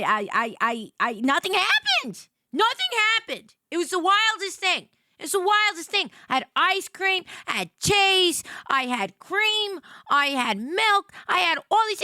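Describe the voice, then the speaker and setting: Woman streamer, playful rambler who stumbles over her words, high voice, dry close sound. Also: bright, forceful tone, dry recording. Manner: rambling and playful, stammers and repeats herself, swears. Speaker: livestreamer. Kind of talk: casual stream chat.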